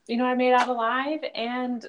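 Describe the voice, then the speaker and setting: A young woman co-hosting a podcast from a remote call, animated and rambling, often laughing. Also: a little high, moderate pace, slight background noise. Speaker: podcast co-host. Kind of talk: casual chat.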